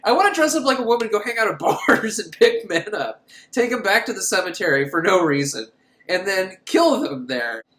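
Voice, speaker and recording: Man putting on a brash, scheming alien undertaker in drag, raised pitch, rattled off fast, roomy echo. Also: big pitch swings, a bit bright. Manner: brash, rapid and mocking.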